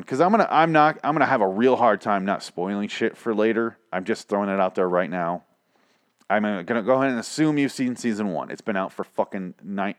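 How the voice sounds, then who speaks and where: A man casually recapping a TV show in a profane, excitable, rambling way. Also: fairly low pitch, dry recording, clean studio sound.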